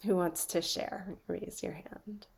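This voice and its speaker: A woman's voice: on the low side, steady tone, takes it slowly, gravelly, a little mellow, husky. A woman teaching on a group coaching call, earnest and reflective, often checking in with "right?". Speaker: coaching instructor.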